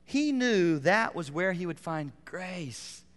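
Resonant pastor preaching in a reverberant hall. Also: male voice, high-pitched, takes it slowly. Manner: animated, rising to emphatic peaks then dropping to quiet asides. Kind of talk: sermon. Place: church sanctuary. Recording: long reverb of a large hall.

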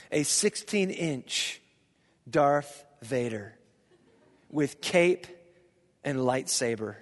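A middle-aged man from Indiana preaching a sermon, telling a childhood story with lively, joking asides to his listeners. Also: on the high side. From Indiana, USA. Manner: lively anecdotal storyteller, jokes with the audience. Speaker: pastor. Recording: long reverb of a large hall.

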